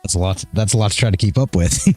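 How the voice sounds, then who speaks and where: A man's voice: fairly low pitch, a little mellow, slightly rough. A tired man hosting a trading livestream, chatting casually, rambling and chuckling as he loses his train of thought. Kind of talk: casual chat.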